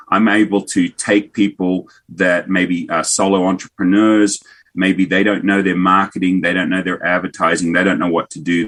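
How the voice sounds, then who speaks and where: A man in his fifties with an Australian accent, a business owner telling stories and jokes in a casual interview. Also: deep voice. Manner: jokey, animated storyteller. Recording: remote call.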